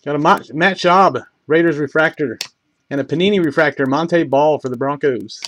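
A man calls out trading card pulls one after another during a live break, his voice sitting slightly high. He moves through the names at a steady clip and sometimes stumbles over one. A faint hiss and soft keyboard clicks sit under the recording. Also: rough recording. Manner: rapid list-reading, stumbles over names; bursts of excitement on big pulls.

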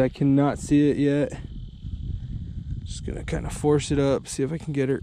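A man in his twenties filming himself ice fishing outdoors, talking excitedly and saying "dude" all the time. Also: mid-range voice, moderate pace, vocal fry, long pauses, slight background noise. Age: 20s. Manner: excitable, says "dude" constantly. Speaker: fishing vlogger. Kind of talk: excited outdoor vlog commentary. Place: outdoors on a frozen lake.

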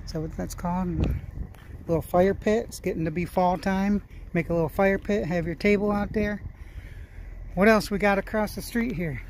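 A man with a high-sitting, slightly mellow voice hosts his own channel, chatting and thinking out loud in casual commentary while strolling through an outdoor equipment auction yard. He runs a small-engine flipping channel, and a little background noise can be heard.

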